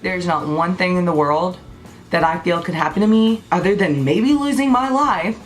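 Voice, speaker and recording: Twenties woman vlogger, lowish voice, ranting bluntly to camera over faint music. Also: moderate pace. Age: 20s. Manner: blunt, passionate, swears freely. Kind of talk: unscripted birthday rant to camera.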